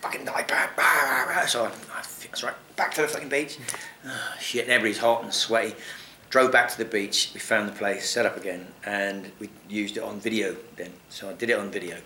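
A man's voice: lowish voice, a little fast, reverberant, slight background noise. Swearing man telling an anecdote. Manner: swearing, animated, laughs often. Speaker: guest actor. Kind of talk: casual storytelling.

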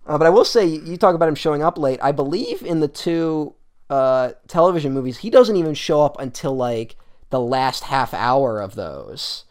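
A man's voice: on the high side, expressive, normal speed, darkish tone. A man co-hosting a podcast, talking casually and enthusiastically about an old detective show. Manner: enthusiastic, quotes scenes in put-on voices, swears casually. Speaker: podcast co-host. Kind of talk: casual film podcast chat.

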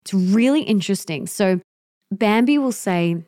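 A woman's voice: medium pitch, expressive, measured pace, warm tone, no echo, clean studio sound. A young woman hosting a solo podcast, giving parenting tips in an earnest, emphatic way that repeats key points. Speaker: podcast host.

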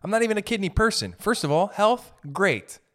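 A young man telling comic stories in a loose, profane rant, riffing with quick asides. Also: sits high, very animated, a bit bright. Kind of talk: comedic storytelling rant.

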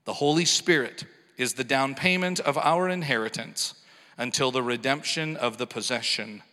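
A man reading a scripture passage aloud in a church, measured and formal. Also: mid-range voice, bright, forceful tone. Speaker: scripture reader. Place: church sanctuary. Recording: echoey large hall.

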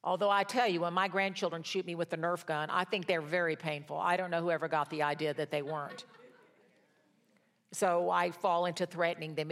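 An older woman teaching a Bible study in a sermon style, telling stories that move from hushed to rousing. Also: on the low side, fairly even intonation, fairly quick. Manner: storytelling, swings from hushed to rousing.

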